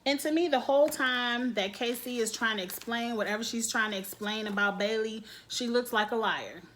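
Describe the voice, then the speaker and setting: A woman recapping reality TV in a casual vlog, with a slightly high voice. She talks in an animated, gossipy way and breaks into laughter often. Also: moderate pace, a little hiss or hum.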